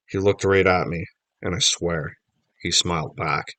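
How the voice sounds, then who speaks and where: A man reading a children's novel aloud, telling the story lively in first person. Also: deep voice, measured pace, no echo. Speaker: audiobook reader.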